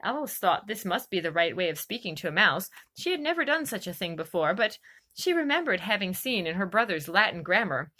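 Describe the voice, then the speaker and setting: A woman's voice: mid-range voice, very animated, fairly quick, pushed and bright. A woman reading a children's classic aloud, narrating expressively. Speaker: reader. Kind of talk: storybook narration.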